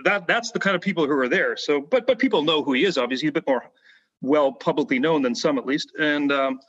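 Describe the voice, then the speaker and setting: A Canadian man, a former basketball player, tells his stories in a bright, tense voice that sits a little high for a man, and he animates the people in them. His sound is somewhat muffled, like lo-fi podcast audio. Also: fast. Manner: animated storyteller, acts out quoted voices, frequent fillers. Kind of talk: casual storytelling interview.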